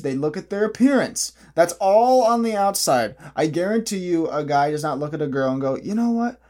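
A man's voice: on the high side, a little mellow. A young man in a casual, opinionated vlog monologue who rambles, restarts often and laughs at his own jokes. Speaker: vlogger.

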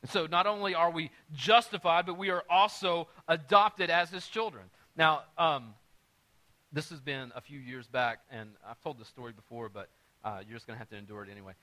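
A pastor preaching with a bright, forceful voice set a little high. He moves from hushed, chatty storytelling to loud, driving emphasis as he makes his point. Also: a little fast. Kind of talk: sermon with storytelling.

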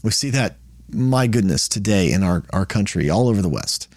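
A man's voice: on the low side, animated, moderate pace, a little mellow, no room sound, clean studio sound. Casual male Bible study host. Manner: conversational, restarts and repeats words while explaining.

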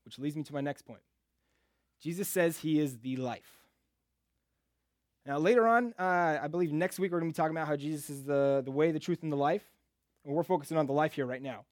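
A man's voice: a little high, quick pace, dry recording, studio quality. Chatty man giving a casual sermon. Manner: chatty, joking, conversational. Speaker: preacher.

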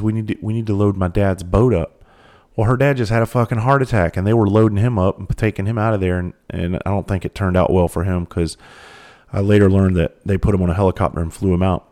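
A man's voice: low-pitched, darkish tone. A middle-aged man, talking bluntly in a casual monologue and swearing freely.

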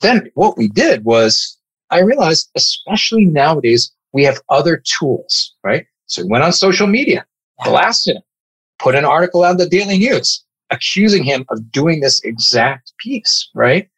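A man who leads an advocacy group, telling war stories in a casual, animated and profane way. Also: on the high side, moderate pace, husky, no echo, low-quality recording. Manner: animated, profane, emphatic storyteller. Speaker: nonprofit advocacy leader. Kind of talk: casual podcast storytelling.

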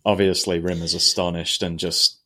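A man's voice: deep voice, flat delivery, moderate pace, sharp tone. A man co-hosting a podcast, chatting casually as he retells TV scenes and acts out quoted lines. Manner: retells scenes, acting out quotes in put-on voices. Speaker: podcast co-host. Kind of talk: casual chat recapping a TV episode.

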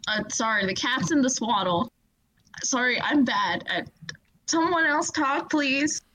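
A woman's voice: high-pitched, lively intonation, measured pace, sharp tone, a little hiss or hum, rough recording. A woman playing in a tabletop game podcast, talking hesitantly and stumbling over her words. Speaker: player. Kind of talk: casual tabletop role-play.

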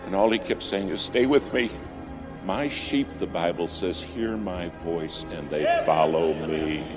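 Preacher, male, deep voice, dramatic sermon storytelling with swings from loud to hushed, music underneath. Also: a little slow. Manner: dramatic, rises to loud emphatic peaks then drops to near whispers.

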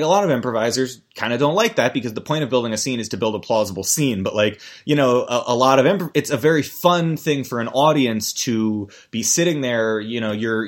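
A man hosting a podcast and giving casual, comedic commentary that rambles, swears and keeps interrupting itself. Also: mid-range voice. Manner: rambling, profane, self-interrupting.

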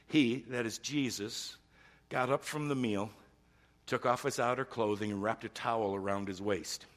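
A middle-aged man preaching a sermon, swinging from loud, urgent emphasis down to a hushed near-whisper. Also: medium pitch, moderate pace. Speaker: pastor.

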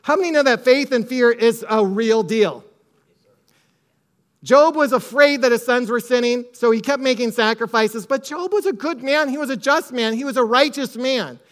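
A male pastor preaching a sermon with emphatic repetition, quoting scripture and telling a family story, sometimes dropping almost to a hush. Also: extremely high pitch, moderate pace.

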